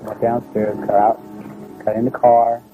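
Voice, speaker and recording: A man telling a personal story in a plain, halting, conversational way. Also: mid-range voice, flat delivery, phone-quality sound, music in the background. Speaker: storyteller recounting a personal experience. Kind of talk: first-person spoken recollection.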